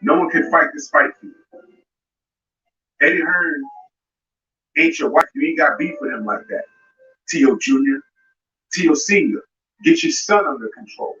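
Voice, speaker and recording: Pausing often at a normal speed, a man with a highish, pushed, bright voice and lively intonation rants at a fighter during his live boxing show, confrontational throughout. Music runs behind a dull, distant, roomy recording.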